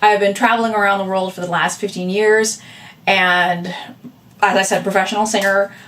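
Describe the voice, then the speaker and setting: A woman who vlogs and makes art talks casually to camera, rambling with plenty of fillers and asides. Her mid-range voice is fairly bright and steady, at normal speed. The mic sits at a distance, with a camera recording plus a separate audio backup.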